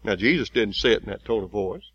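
A man preaching a sermon in a folksy way, building to loud, emphatic, slowly repeated lines. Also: on the low side, husky, no echo, dull audio.

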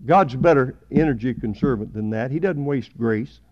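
A man preaching a sermon at a church service, emphatic, swelling louder on key words. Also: medium pitch, normal speed. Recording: dull lo-fi sermon recording.

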